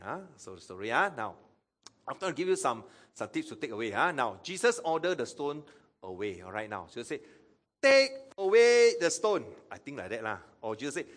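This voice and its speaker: A man's voice: mid-range voice, big pitch swings, a little fast, a bit bright. A man preaching a sermon as pastor, acting out Bible quotes and asking the audience questions.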